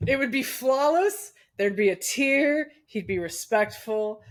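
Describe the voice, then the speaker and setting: A woman's voice: on the high side, animated, a little slow. A woman co-hosting a casual podcast, rambling through tangents with a giggly manner. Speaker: podcast co-host and editor. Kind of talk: casual chat.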